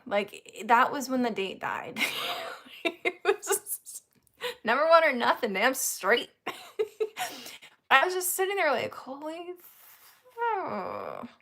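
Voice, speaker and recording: A woman's voice: fairly high pitch, a bit bright. A woman hosting a casual chat, telling a story candidly and laughing often. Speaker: host.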